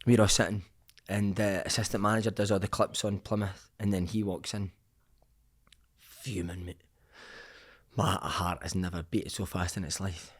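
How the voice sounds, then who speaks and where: A middle-aged man, a former footballer, telling a story as a guest on a casual podcast. He swears freely and tells it with lively energy. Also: low voice, normal speed. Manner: swears often, animated storytelling.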